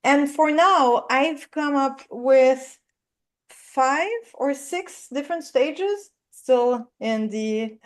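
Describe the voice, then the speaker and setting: Quebec French-accented woman, trading psychology coach, slow reflective delivery, high voice. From Quebec, Canada. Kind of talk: live show guest talk.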